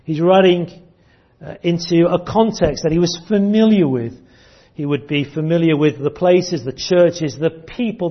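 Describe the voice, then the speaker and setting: A man preaching a teaching sermon to his congregation, earnest and prone to repeating words as he restarts. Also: on the high side. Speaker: pastor. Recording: dull lo-fi church recording.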